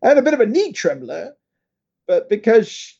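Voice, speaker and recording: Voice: medium pitch, sing-song, brisk, creaky, dark tone, breathy edge, muffled recording. A podcast co-host casually recapping a TV episode, chiming in with agreement.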